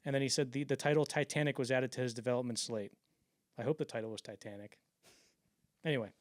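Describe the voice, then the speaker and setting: A man hosting a podcast, telling stories in a casual, animated way with lots of swearing and restarts. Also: mid-range voice, quick pace, no room sound. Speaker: podcast host. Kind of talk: casual storytelling chat.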